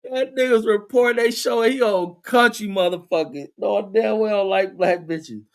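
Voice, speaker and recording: Casting: middle-aged man host, slightly high voice, loose profane chat-reading, laughs often. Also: moderate pace. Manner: profane, laughing, reads chat aloud and riffs. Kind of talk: casual uncensored chat.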